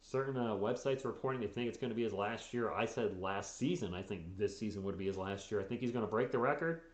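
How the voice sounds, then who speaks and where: A man's voice: lowish voice, fast, echoey room. Chatty man hosting a sports stream. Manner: chatty, reacts to games and reads chat aloud. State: tired, yawning. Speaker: live-stream sports host. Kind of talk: casual live-stream sports chat.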